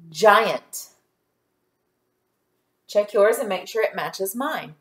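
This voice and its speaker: Slow, patient woman teaching phonics. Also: medium pitch, animated, a bit bright. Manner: slow, clear, patient instruction, sounding out words. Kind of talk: recorded phonics lesson for young children.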